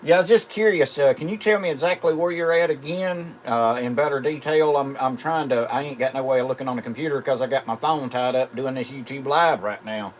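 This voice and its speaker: A man's voice: mid-range voice, a little fast, few pauses, a little hiss or hum. A middle-aged man with a Southern drawl from South Carolina, chatting casually as a ham radio operator.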